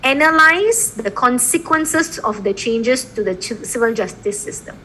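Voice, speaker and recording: A woman lecturing a law class, her voice sitting a little high and swinging widely in pitch. She keeps tossing in quick checks with her students as she explains. A faint hiss sits under the recording. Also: poor audio. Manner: lively, repeatedly checking in with "okay?" and "right?".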